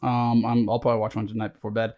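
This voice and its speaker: A man's voice: lowish voice, monotone, fast, highs cut off. A young man co-hosting a podcast in casual chat, laid-back and rambling, swearing now and then. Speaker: podcast co-host.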